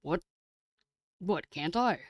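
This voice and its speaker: Excitable, swearing female streamer. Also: fairly low pitch, slow, dry recording, clean studio sound. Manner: excitable, swears casually, chatty. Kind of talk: reading a game aloud and chatting with viewers.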